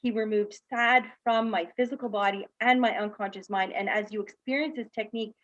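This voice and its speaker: Over a video call, a female guest speaker and teacher shares her own story openly at a panel talk, voicing the characters as she goes. Her pitch is medium and her intonation fairly even, with a brisk pace and a slightly bright tone, though the audio is muffled.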